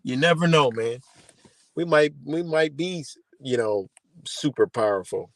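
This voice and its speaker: A man rambles casually to his livestream audience, swearing freely as he drifts from thought to thought. His voice has a gravelly, creaky texture at a middle pitch. The sound is dry and close, with no room around it. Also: animated, unhurried, dry recording. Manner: loose, profane, conversational. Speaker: livestream host.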